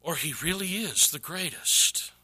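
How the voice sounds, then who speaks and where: A male pastor delivers a sermon in a church with a high, very bright and forceful voice. His preaching is dramatic, dropping to hushed near-whispers for emphasis, then rising to loud, high-pitched exclamations. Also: animated, measured pace, breathy edge.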